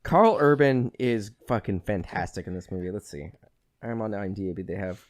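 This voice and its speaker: A man's voice: fairly low pitch, lively intonation, moderate pace, dry recording, clean studio sound. A man hosting a podcast, chatting casually and rambling with lots of "like" and the odd swear word. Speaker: podcast host. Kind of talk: casual chat.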